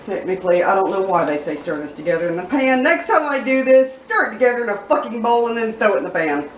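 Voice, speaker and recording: A woman's voice: medium pitch, expressive, fast talker. Playful cheeky woman cooking in an echoey kitchen. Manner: playful, cheeky and profane, savoring food aloud. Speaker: cooking vlog host. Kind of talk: casual cooking vlog. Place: home kitchen. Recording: echoey room, mic at a distance, faint noise.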